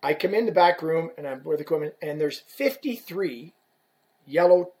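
A middle-aged man telling a lively, profane workplace story in a casual chat, acting out the people he quotes. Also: a little high, moderate pace. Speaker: guest telling stories from work as a stick rep.

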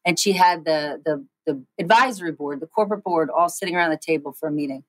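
A woman in her forties, a guest in an interview, telling quick animated stories with frequent restarts. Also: low voice, no room sound, low-quality recording. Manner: animated, fast storytelling with many restarts. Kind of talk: storytelling interview chat.

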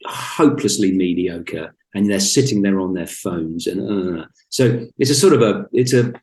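A man's voice: sits low, normal speed, a little mellow. Wry, self-mocking man in a roomy space. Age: 50s. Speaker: podcast guest, speaker and author. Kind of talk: casual conversation. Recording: roomy echo.

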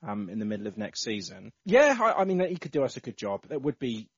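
A man's voice: mid-range voice, very animated, quick pace, slightly rough, no echo. A man hosting a casual football podcast, reading out listener entries with lots of ums and uhs. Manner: reads out listener entries with many fillers. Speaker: podcast host. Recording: slightly dull lo-fi audio.

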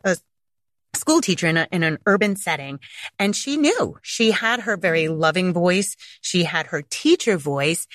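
A woman's voice: dry recording, clean studio sound. A woman podcast host coaching parents in a casual monologue, acting out quoted voices with big jumps. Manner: animated, acts out quotes with big pitch jumps.

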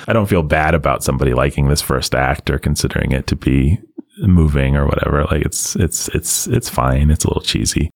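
A man co-hosting a casual movie-review talk, rambling and animated, often laughing. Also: low-pitched, a little fast. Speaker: podcast co-host reviewing a movie. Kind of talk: casual chat.

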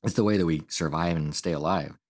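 Very low-voiced male counselor. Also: fairly quick. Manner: rambling, many fillers and restarts. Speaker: podcast co-host, counselor. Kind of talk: casual conversational explaining.

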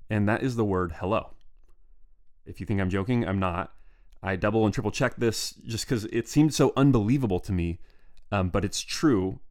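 A man's voice: on the low side, darkish tone. A man hosting a solo history podcast, talking casually and musing aloud with restarts and asides.

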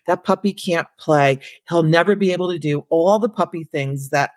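Woman as gruff farmer, blunt, matter-of-fact, dry close voice. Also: lowish voice, moderate pace, a little mellow, dry recording, natural voice. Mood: dismissive. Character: blunt, dismissive older male farmer.

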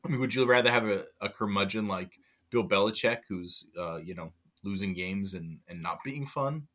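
A man's voice: on the low side, moderate pace, fairly bright tone. A man co-hosting a sports podcast, chatting casually and laughing his way through emotional stories. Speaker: podcast co-host.

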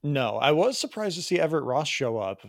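A man's voice: a little high, very animated, a little fast, creaky, no echo. Man, podcast co-host, loose joking banter, dry close sound. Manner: rambling, joking. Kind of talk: casual chat.

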